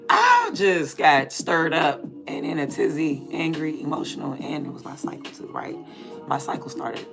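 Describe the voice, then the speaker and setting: Hoarse, gravelly woman telling a heated story. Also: low-pitched. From Maryland, USA. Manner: profane, heated and blunt. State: hoarse from yelling and allergies. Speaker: vlogger. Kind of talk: casual storytime chat. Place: home room with windows cracked open. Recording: music playing behind.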